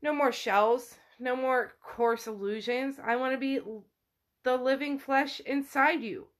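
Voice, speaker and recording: A woman voicing a menacing, possessive male spirit who craves a body, speaking fast and taunting while she retells a novel. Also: sits high.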